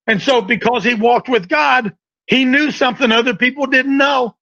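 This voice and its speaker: Male preacher, folksy emphatic sermon, high voice, dry muffled sound. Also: moderate pace, bright, forceful tone, dry recording.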